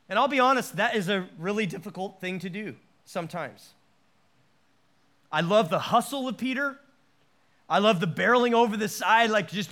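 A man preaching a sermon, animated, with stammered restarts and acted-out quotes. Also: high voice, fairly quick. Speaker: pastor.

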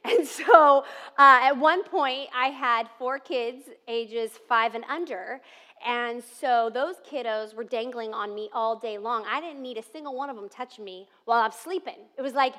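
A woman in her thirties preaching a sermon, telling family stories and dropping to soft, tender tones. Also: high-pitched, moderate pace. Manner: warm storytelling with soft tender asides and laughs. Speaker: pastor. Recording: long reverb of a large hall.

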